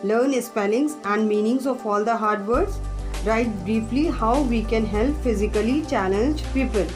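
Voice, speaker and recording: A woman teacher, her voice pitched a little high. She explains words to young pupils in a patient lesson tone and spells each one out letter by letter. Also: measured pace, over music. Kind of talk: online class lesson.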